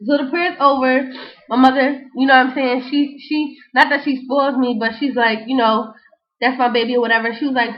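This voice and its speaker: Young woman vlogger, high voice, slangy animated storytelling, dull lo-fi recording. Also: a little fast. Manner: animated, slangy, frequent "you know what I'm saying". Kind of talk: casual storytelling and freestyle rap.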